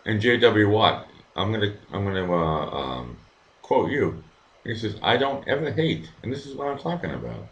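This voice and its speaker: A man's voice: lowish voice, very animated, normal speed, vocal fry, muffled recording, slight background noise. A man hosting his own live stream, reading the chat and ranting at viewers with lots of swearing. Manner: profane, heated, talks straight to viewers. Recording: echoey room.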